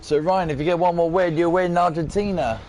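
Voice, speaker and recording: Man, race commentator, excitable, sore throat, steady noise behind. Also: a little high. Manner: excitable, quick to exclaim. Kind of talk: excited sim racing commentary.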